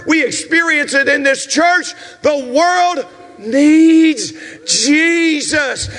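High-voiced Southern pastor in his sixties. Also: in a large hall. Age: 60s. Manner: preaching with shouted, rhythmic repetitions and asides to the congregation. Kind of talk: sermon. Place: church sanctuary.

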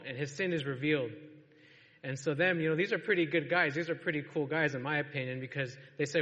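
A man's voice: a little high, steady tone, quick pace, fairly bright tone. A man preaching a sermon to a congregation in a church, in a casual storytelling way and laughing often. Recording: long reverb of a large hall.

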